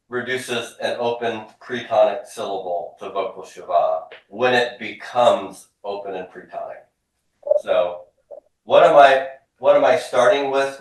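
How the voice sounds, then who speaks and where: A man teaching a grammar lesson to a class, drilling students with quick questions. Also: mid-range voice. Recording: echoey classroom from far off.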